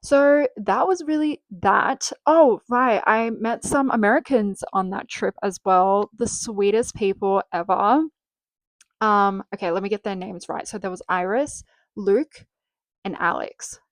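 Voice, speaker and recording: A woman's voice: mid-range voice, dry recording. A young Australian woman hosting a casual solo podcast, chatting with lots of "um" and "like" fillers and casual swearing. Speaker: podcast host.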